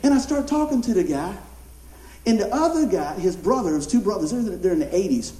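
A male pastor, telling a story in a sermon in an animated, conversational way. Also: high-pitched, brisk. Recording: roomy hall echo.

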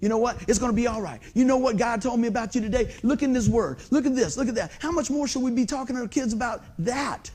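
A middle-aged man preaching a sermon, folksy and animated, full of rhetorical questions. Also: very high-pitched, fast talker, few pauses. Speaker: pastor.

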